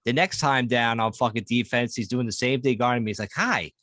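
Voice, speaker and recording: A man's voice: medium pitch, fairly even intonation, a little fast, a bit bright, no echo. A man co-hosting a podcast, casually telling a crude sports story. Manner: profane, laid-back storyteller. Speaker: podcast co-host.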